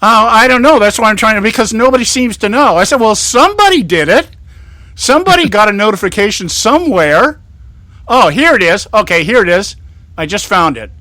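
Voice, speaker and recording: High, bright-voiced man telling a story. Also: fairly quick, no echo. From California. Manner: animated storytelling, acts out quoted exchanges; laughs often at his own stories. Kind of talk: casual political chat.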